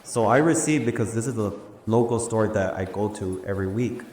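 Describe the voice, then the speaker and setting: Man, lowish voice, animated slangy storyteller, live event, echoey hall, faint ambience. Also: brisk, slight background noise. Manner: animated, slangy, acts out quoted dialogue. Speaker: speaker sharing a personal story. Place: large room before a live audience.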